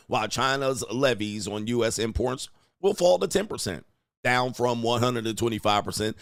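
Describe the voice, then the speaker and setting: A man hosting a news commentary channel, reading headlines and reacting in an animated, slangy way, often quoting people in put-on voices. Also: mid-range voice, no room sound.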